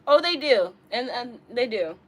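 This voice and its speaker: A young woman live-streaming from her bedroom, chatting casually with viewers and reading their comments, bubbly and giggly, swinging between loud outbursts and low mumbles. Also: lively intonation, unhurried, slight background noise.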